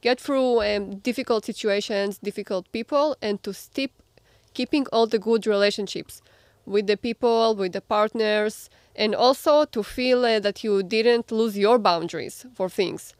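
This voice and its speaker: A woman with a mid-range voice hosts a business podcast. She phrases her questions carefully and pauses a little as she speaks. The recording is dry. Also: medium pitch, a little mellow, no echo. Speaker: podcast host. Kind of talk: interview questions.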